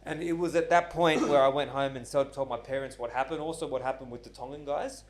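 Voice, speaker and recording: A man's voice: medium pitch, fast talker, slight background noise. A man in his twenties or thirties, hosting a podcast and telling stories casually, acting out other people's voices and swearing freely. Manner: animated storyteller who acts out quoted voices, swears often. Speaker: podcast host. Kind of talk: casual storytelling chat.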